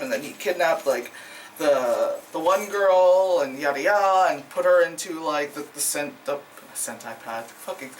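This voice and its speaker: This film reviewer's mid-pitched, somewhat bright voice is recorded from a distance, set back from the mic over a faint background hiss. The talk is a loose, profane movie review full of laughter and constant fillers like "like" and "you know."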